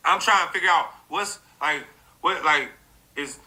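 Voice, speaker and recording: A man ranting in a profane, rambling social media commentary, animated and full of fillers. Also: on the high side, measured pace, rough recording.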